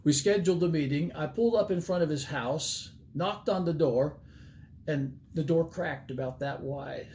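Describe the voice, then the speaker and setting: A man's voice: a little high, normal speed, slight background noise. Folksy older man telling a sermon story. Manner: folksy, animated storyteller who acts out dialogue. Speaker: evangelist.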